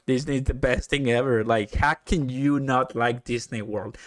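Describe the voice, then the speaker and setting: A man hosting a casual live stream, chatting excitedly, laughing often and answering viewer comments. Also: mid-range voice, measured pace, hardly any pauses, no room sound, studio quality.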